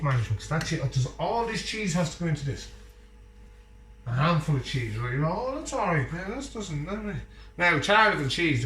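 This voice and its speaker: A man's voice: fairly high pitch, reverberant, background noise. An Irishman chatting and joking while he cooks at home, bantering with someone off camera. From Ireland. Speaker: vlogger cooking at home. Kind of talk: casual chat while cooking. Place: home kitchen.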